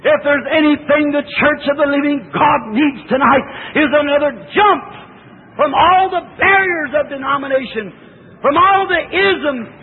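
A man preaching a fervent sermon, often slowing and rising into shouted cries. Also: very high voice. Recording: tinny lo-fi old recording.

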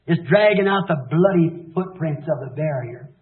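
A man preaching an impassioned revival sermon, fervent, swinging between shouts and hushed low passages. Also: moderate pace. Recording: echoey, tinny old sermon tape.

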